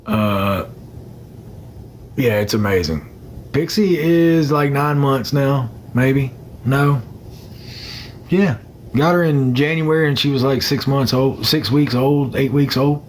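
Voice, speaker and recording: A man's voice: mid-range voice, takes it slowly, pauses often, a little hiss or hum. A young man chatting casually on a phone livestream, rambling and greeting commenters by name.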